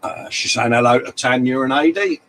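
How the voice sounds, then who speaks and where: A man's voice: medium pitch, animated, brisk, gravelly, fairly bright tone, poor audio. A middle-aged man, hosting a casual live stream and reading out viewer comments in matey banter. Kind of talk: casual chat.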